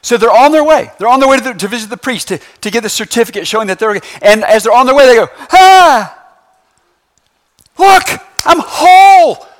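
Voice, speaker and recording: A man's voice: extremely high pitch, very fast, hardly any pauses. A man preaching a sermon in a church, in a loose, conversational way, tossing in slangy phrases and frequent "right?" checks with the congregation. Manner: lively, conversational preaching with constant "right?" asides. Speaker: pastor.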